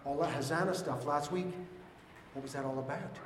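A pastor delivers an Easter sermon to his congregation in a church hall, speaking expressively and acting out the voices of the biblical figures in the story. His voice sits at a medium pitch and moves at a moderate pace. The recording is distant and echoey, with a noisy background.

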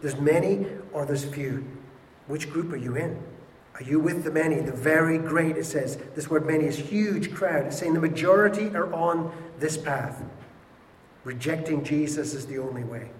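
A man preaching a sermon with passion, swinging between loud and hushed delivery. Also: on the high side, moderate pace, slight background noise. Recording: echoey hall with faint ambience.

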